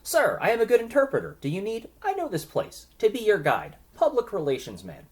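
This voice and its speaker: A man's voice: sits high, wildly swooping pitch, a little fast, pitched above the performer's own voice, heavily acted. A man voicing an eager male prisoner who offers himself as a guide, speaking in pleading broken English.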